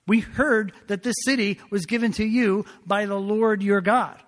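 A preacher voicing sheepish ancient townsfolk. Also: male voice, fairly high pitch, animated, moderate pace, husky, big-room sound. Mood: defensive. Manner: defensive, casual.

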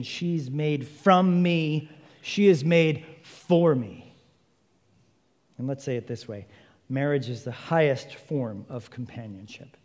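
A man preaching a sermon, an animated storyteller who jokes and acts out little scenes. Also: fairly high pitch, in a large hall. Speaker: pastor.

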